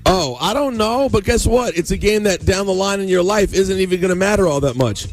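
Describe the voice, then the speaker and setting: Man, morning radio co-host, animated mock-outraged rant, slightly high voice, faint music underneath. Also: a little fast. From United States. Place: radio studio. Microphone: studio microphone. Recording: radio studio with music bed.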